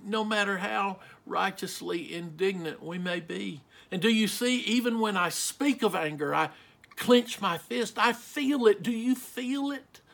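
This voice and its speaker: A middle-aged male pastor preaching a sermon, slow and emphatic, asking the listeners rhetorical questions. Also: sits high, creaky, a bit bright.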